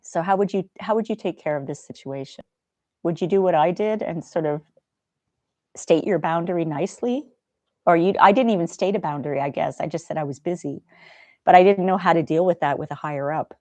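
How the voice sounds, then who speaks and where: Gentle chatty woman livestream host. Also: fairly low pitch, fairly quick, dry recording. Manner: gentle, chatty, reads viewer comments aloud. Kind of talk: casual chat.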